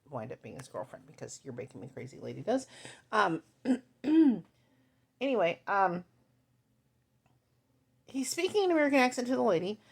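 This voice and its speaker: A woman's voice: medium pitch, vocal fry. A woman reviewing a TV movie in casual chat, rambling and correcting herself as she goes. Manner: rambling, chatty, self-correcting.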